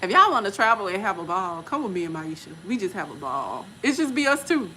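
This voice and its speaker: Woman, 40s, vlogger; slangy storyteller, lively swooping pitch. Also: a little fast, slight background noise. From Texas. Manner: animated, laughs often, slangy. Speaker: vlogger and respiratory therapist. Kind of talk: casual storytelling chat.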